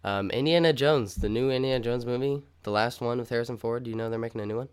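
Young male co-host, smooth tone, mid-range pitch, upbeat, rambling, casual. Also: fast. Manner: rambling, upbeat, lots of fillers. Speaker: podcast co-host. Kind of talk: casual podcast chat.

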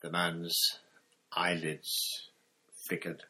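A man narrates a novel in a deep voice. He reads slowly and in a measured way. His delivery stays even throughout. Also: breathy edge. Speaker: audiobook narrator. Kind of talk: scripted narration.

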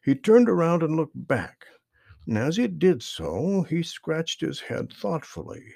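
Expressive male storyteller with a gravelly voice. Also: fairly high pitch, a little slow, no room sound, studio quality. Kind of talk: children's story narration.

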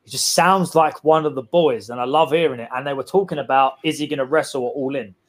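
A young man, co-hosting a casual podcast chat, excitable and sweary, rambling with lots of fillers. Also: medium pitch, quick pace. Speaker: podcast co-host.

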